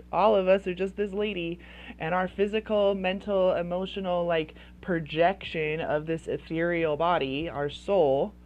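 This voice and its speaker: A woman's voice: lowish voice, steady tone, unhurried, darkish tone, dull audio. A woman coaching parents in casual advice talk, chatty and full of "like" fillers. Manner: chatty, heavy use of "like" fillers.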